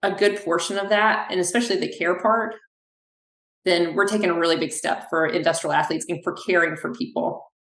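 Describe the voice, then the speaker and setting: A woman with a low voice, a physical therapist who owns a clinic, speaks briskly in a podcast interview, recorded in an echoey room. Her conversational storytelling is animated, and she acts out quoted dialogue.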